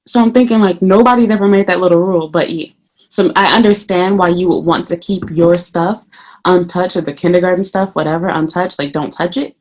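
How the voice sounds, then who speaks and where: A woman's voice: lowish voice, fairly quick. A woman who teaches English in Japan talks to the camera in a casual vlog. She curses freely and acts out her own remarks as she tells the story. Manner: profane, animated storytelling.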